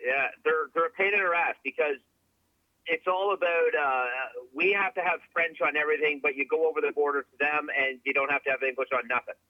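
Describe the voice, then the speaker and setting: Brief: man, fairly high voice, blunt profane ranter, dry muffled phone line. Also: fairly even intonation, fairly quick, no room sound. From Southern Ontario, Canada. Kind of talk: casual chat.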